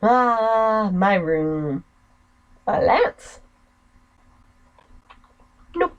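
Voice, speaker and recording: A woman's voice: mid-range voice, sing-song, drawn-out words, highs cut off. A woman playing a game, making chatty, joking asides. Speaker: gamer. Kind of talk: let's play commentary.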